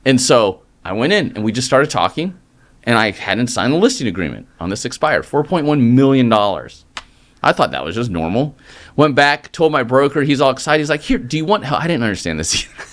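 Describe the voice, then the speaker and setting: Speaking a little fast at a medium pitch, a middle-aged man who works as a mortgage loan originator recounts his story. The interview is casual, and he brings energy and lively retellings to it.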